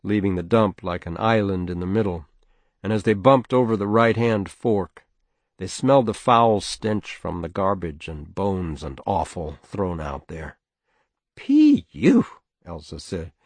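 Low-voiced guy reading a book aloud, steady pace, dry sound. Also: measured pace, no room sound. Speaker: narrator. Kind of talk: scripted audiobook narration.

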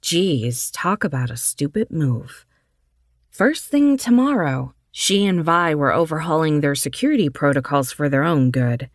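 A woman narrating an audiobook in a measured, steady reading. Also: low-pitched, no echo, studio quality.

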